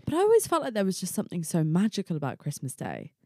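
A woman's voice: on the low side, huge pitch swings, quick pace, darkish tone, dry recording, studio quality. A woman co-hosting a podcast, telling stories in a playful, laughing casual chat. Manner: playful, storytelling, laughs a lot. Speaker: podcast co-host.

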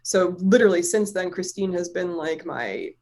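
Animated woman telling a story casually. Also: on the low side, normal speed. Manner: animated, swears freely, lots of filler "like".

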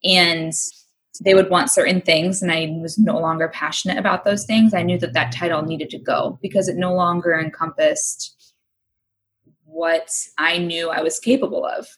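A woman's voice: lowish voice, moderate pace. Frank, swearing woman co-host in casual chat. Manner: candid, swears freely, acts out her own excited thoughts. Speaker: podcast co-host.

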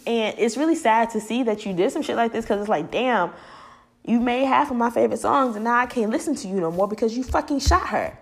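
A woman's voice: a little fast, creaky. A young woman from the United States vlogging, giving casual and profane celebrity commentary and acting out the voices she quotes. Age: young adult. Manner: animated, profane, acts out quoted voices high and loud.

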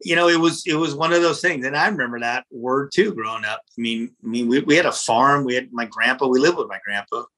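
Restaurant owner guy, bright punchy voice, fired up and cursing, talking from his office. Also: medium pitch, fast talker, hardly any pauses. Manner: animated, profane, repeats words when worked up. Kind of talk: casual storytelling in an interview.

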